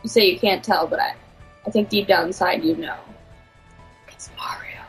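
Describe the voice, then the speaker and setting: A woman's voice: fairly low pitch, fairly even intonation, a little fast, breathy edge, faint music behind, poor audio. A woman from California hosting a casual podcast, giggly and self-conscious, often restarting her lines. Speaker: podcast host.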